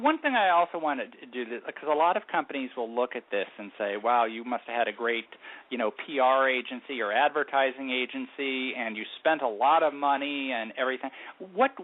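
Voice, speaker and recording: A man's voice: mid-range voice, lively intonation, moderate pace. A man hosting an interview, asking curious questions and reacting with short affirmations. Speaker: interview host. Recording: tinny phone-line audio.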